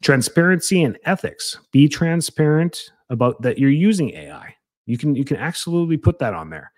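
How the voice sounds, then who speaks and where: A man's voice: a little high, very animated, moderate pace, a little mellow, no room sound. A man hosting a podcast as a chiropractor, talking casually and energetically, rambling with restarts and fillers.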